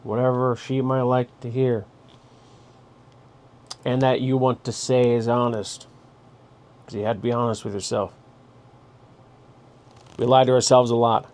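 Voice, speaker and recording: A man's voice: mid-range voice, level tone, measured pace, pauses often, darkish tone. Blunt man handing out advice. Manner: blunt, direct, giving orders. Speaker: host. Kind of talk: casual spoken advice monologue.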